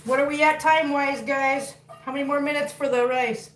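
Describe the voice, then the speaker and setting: A woman's voice: high-pitched, steady tone, fairly quick, fairly bright tone. A woman hosting a live cooking stream in her home kitchen, chatting casually, laughing often and cooing baby talk at her cats. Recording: echoey room, mic at a distance, faint noise.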